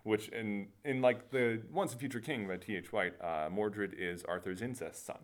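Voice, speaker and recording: A man's voice: lowish voice, normal speed. A man co-hosting a casual podcast chat, rambling and laughing through movie anecdotes with lots of fillers. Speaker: podcast co-host.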